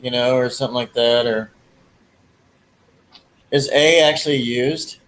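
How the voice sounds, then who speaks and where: A man's voice: medium pitch, steady tone, a little slow, fairly bright tone, a little hiss or hum, poor audio. A man hosting a livestream, chatting casually in a rambling way with crude jokes and lots of fillers. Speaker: livestream host. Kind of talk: casual chat.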